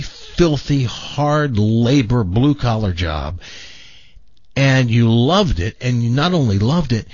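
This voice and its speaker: A man's voice: mid-range voice, slightly rough, dry recording, highs cut off. An older man hosting a talk show, telling a long personal story with many stammering restarts. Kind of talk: storytelling in casual chat.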